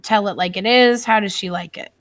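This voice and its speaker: A woman's voice: mid-range voice, fairly quick, a bit bright. A woman player chatting casually during a tabletop game, rambling with fillers.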